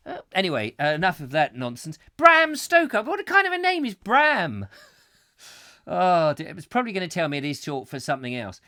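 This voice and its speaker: A man's voice: fairly high pitch, huge pitch swings, moderate pace, bright, forceful tone, no echo, studio quality. A man hosting a live comic chat show, rambling and ranting with frequent giggles. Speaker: host.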